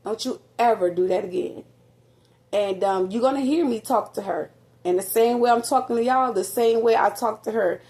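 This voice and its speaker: A woman talks straight to her viewers, recounting events at home in a loose, rambling way. She is animated and fills her pauses with little fillers. Her voice carries a slight echo from a nearly empty apartment. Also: on the high side. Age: adult with a grown son. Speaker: vlogger. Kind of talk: casual storytelling to viewers.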